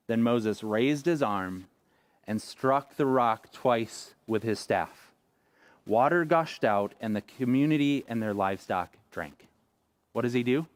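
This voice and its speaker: A man's voice: mid-range voice, dry recording. Man in his thirties preaching, dry sound. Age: 30s. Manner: conversational preaching, acting out quoted lines. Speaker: pastor. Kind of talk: sermon. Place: church sanctuary.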